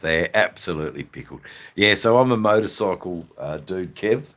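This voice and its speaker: Very deep-voiced Australian man rambling. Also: expressive, moderate pace, a bit bright. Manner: hesitant, full of fillers and restarts, blunt and swearing. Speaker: livestream host. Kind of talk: rambling live-stream chat.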